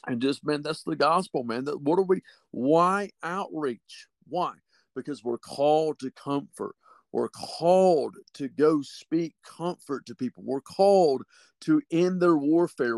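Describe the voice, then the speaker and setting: A man preaching on a podcast, teaching from the Bible with fervent conviction, reading scripture slowly and repeating key phrases. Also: fairly high pitch, no room sound.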